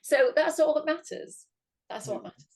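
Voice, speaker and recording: A woman's voice: sits high, normal speed, darkish tone. A woman co-hosting a sewing tutorial, talking in a gushing, enthusiastic way. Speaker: co-host of a sewing channel. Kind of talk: casual craft tutorial chat.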